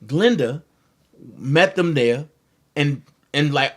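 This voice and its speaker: A man's voice: on the high side, animated, slow. Rambling man telling a story on his channel. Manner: rambling, conversational, restarts and asides. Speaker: commentary channel host. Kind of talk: casual livestream storytelling.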